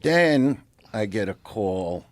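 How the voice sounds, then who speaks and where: A middle-aged man, a comedian telling a profane, animated story on a podcast. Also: lowish voice, slow pace, dry recording. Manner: animated, profane, acts out quotes. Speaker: comedian guest.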